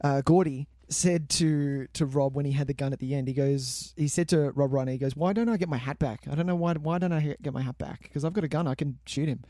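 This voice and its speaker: A man's voice: on the high side, brisk, few pauses, warm tone, dry recording, studio quality. A man co-hosting a casual film podcast, enthusiastic and swearing freely. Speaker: podcast co-host.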